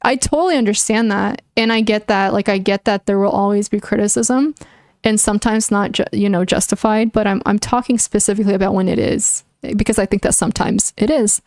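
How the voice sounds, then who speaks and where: A young woman chats on a livestream, mid-pitched and plainly earnest as she works through her opinions out loud. She hedges with likes and restarts her sentences. The sound is close and dry, with no room around it. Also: steady tone, brisk, no room sound. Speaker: streamer. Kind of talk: casual livestream chat answering viewers.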